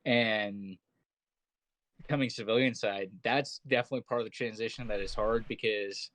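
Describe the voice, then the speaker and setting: A man's voice: fairly low pitch, fairly even intonation, normal speed, a bit bright, low-quality recording. A man, a military veteran co-host, talking bluntly and profanely in casual chat. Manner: blunt, profane, matter-of-fact.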